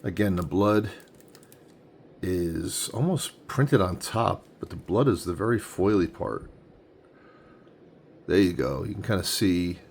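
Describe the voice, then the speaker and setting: Gravelly-voiced man in his forties unboxing. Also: low-pitched, lively intonation, slow, pauses often, darkish tone, a little hiss or hum. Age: 40s. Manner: enthusiastic, thinking aloud while handling items. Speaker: comic collector unboxing comics. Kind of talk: casual unboxing vlog. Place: home room with a tripod-mounted camera.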